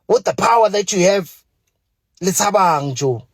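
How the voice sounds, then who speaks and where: Man, South African accent, husky voice, fairly high pitch, angry profane rant, pleading. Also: lively intonation, unhurried, no echo. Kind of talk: angry direct-to-camera rant.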